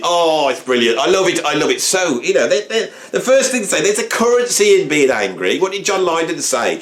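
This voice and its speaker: A man hosting his music channel, chatting to camera in a rambling, self-mocking way. His voice sits fairly high and swings widely in pitch as he talks. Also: big pitch swings, brisk. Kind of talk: casual talk to camera.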